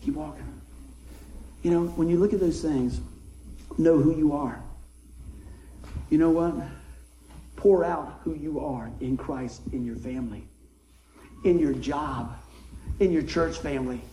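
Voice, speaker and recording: A middle-aged man preaching a folksy sermon, swinging from soft asides to excited shouts. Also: on the high side, measured pace, pauses often, echoey room, a little hiss or hum, low-quality recording. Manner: folksy, animated, rises to excited shouts then drops soft. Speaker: pastor. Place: church sanctuary.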